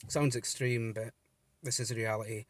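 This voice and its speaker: A man talks to camera from inside his car about a support page he runs. He speaks in an earnest, wandering way, full of ums and restarts, at an ordinary middle pitch. The sound is dry and close, with no room echo. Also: fairly even intonation, normal speed. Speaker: vlogger running a gambling support page. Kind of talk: casual talk to camera.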